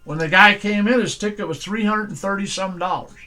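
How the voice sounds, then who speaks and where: An older pastor, his voice high and bright for a man. He tells folksy stories from everyday life in a plain, firm, homespun way, turning each into a lesson for his listeners. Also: brisk. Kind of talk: sermon with personal stories.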